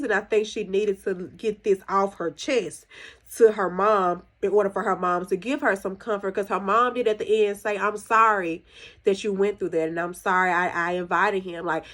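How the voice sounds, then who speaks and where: A woman hosting a podcast, chatting casually as she reviews a TV episode and gives her opinions. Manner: chatty and conversational, recounting scenes with opinions; jumps higher when acting out quoted characters. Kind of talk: casual solo review chat.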